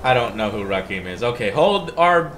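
A man hosting a gaming video, giving casual gameplay commentary that swings into excited, profane shouting. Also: mid-range voice, moderate pace, slight background noise.

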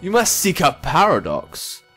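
A man voicing a solemn mystical male guardian in a game, speaking slowly and portentously. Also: on the high side, wildly swooping pitch, bright, forceful tone, slightly rough, soft background music, heavily acted. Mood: grave. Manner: slow, measured, portentous delivery.

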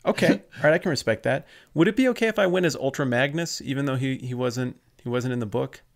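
A man's voice: mid-range voice, fast, vocal fry. Dry, teasing male co-host. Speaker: podcast co-host. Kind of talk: casual chat.

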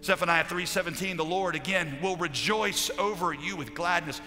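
A man preaching a sermon as a pastor, passionate, moving from loud declarations to hushed storytelling. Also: on the high side, normal speed. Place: large conference hall. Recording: live hall recording with long reverb and faint music.

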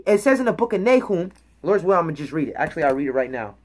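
A woman's voice: mid-range voice, animated, fast, breathy edge. A woman teaching the Bible in an emphatic preaching style, reading verses aloud and checking in with her listeners after each point. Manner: emphatic, checks in with "okay?" and "all right?"; reads scripture aloud and explains words.

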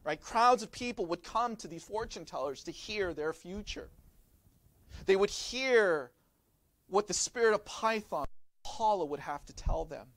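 A man's voice: sits high, expressive, unhurried, fairly bright tone, dry recording. A man preaching a sermon as pastor, explaining in a teaching manner and often turning to the listeners with rhetorical questions.

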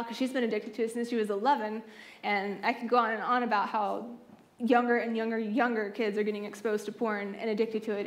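A woman in her thirties giving a personal testimony talk at a conference, telling her story in an animated way and acting out the voices of the people in it. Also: on the high side. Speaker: conference speaker. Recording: echoey hall sound.

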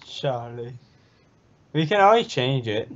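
A woman's voice: extremely low pitch, sing-song, takes it slowly, lo-fi sound. A woman gamer in casual chat, teasing and giggling as she keeps cooing a pet name.

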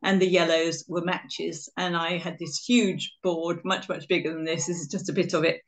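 A woman's voice: on the low side, level tone, moderate pace. A middle-aged woman from England giving a webinar talk with slides, telling stories in a chatty, self-deprecating way over a video call. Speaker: guest speaker.

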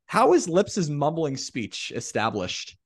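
A man's voice: on the high side, huge pitch swings, slow, slightly rough, no room sound, studio quality. A man hosting a casual interview, asking long, winding questions full of fillers. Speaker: podcast host.

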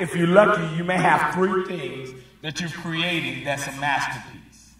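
A pastor preaching a sermon, calling on the congregation to answer back and building from soft talk to shouts. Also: male voice, a little high, slow, few pauses. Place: church sanctuary. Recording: echoey sanctuary from far off, faint music.

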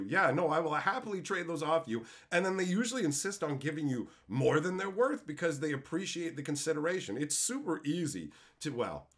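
Animated, profane male streamer. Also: mid-range voice. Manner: profane and heated; animated, puts on voices for quotes. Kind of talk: casual storytelling.

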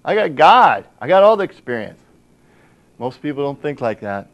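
A man's voice: fairly high pitch, very animated, normal speed, muffled recording. Emphatic male pastor preaching. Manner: reads scripture aloud and addresses the congregation; emphatic, with rhetorical questions. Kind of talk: sermon.

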